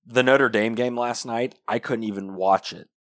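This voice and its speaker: A man's voice: medium pitch, steady tone, normal speed, a bit bright, no room sound, studio quality. Wry man chatting casually. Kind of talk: casual chat.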